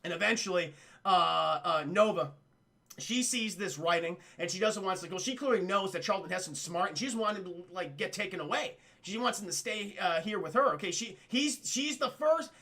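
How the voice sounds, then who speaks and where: Recapping scenes for his chat, this man reviews a film on a live stream and performs the characters in rapid voices. He's excitable and profane, and his voice is high.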